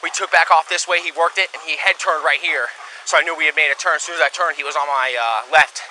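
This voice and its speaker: A man, a police dog handler talking outdoors at night on a body camera, out of breath. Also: fast talker. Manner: shouts high praise at his dog. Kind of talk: bodycam field talk. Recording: noisy body camera audio.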